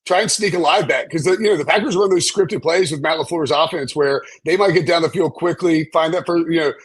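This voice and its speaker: Rambling male betting analyst; husky, slightly high voice, dry close sound. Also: fairly quick, no room sound. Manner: rambling, hesitant, lots of fillers and restarts. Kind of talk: casual live-stream betting chat.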